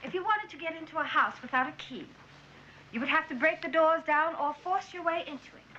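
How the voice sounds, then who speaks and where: An actress playing a firm, devoted schoolteacher who patiently encourages struggling children. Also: female voice, high-pitched, fairly quick, bright, forceful tone, a little hiss or hum. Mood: instructive. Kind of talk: film drama acting. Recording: slightly dull film soundtrack.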